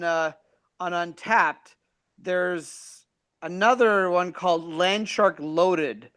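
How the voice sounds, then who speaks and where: Higher-voiced guy on a beer show, trips over his words a lot, reads out chat comments. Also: bright, forceful tone, smooth, no room sound. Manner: stammering, restarts often. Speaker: beer review panelist reading comments. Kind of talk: casual chat.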